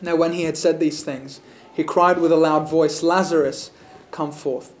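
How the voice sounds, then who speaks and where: A man reading scripture aloud and pausing to reflect on it in an earnest, heartfelt way. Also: fairly high pitch, little pitch movement, reverberant, poor audio. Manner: earnest, reflective, builds to emphatic moments. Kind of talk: scripture reading with sermon commentary.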